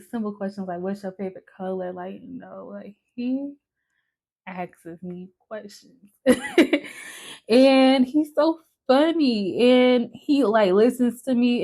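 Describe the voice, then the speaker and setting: A young woman chatting candidly to the camera while patting on makeup, swearing casually and using lots of "like.". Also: mid-range voice. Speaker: vlogger.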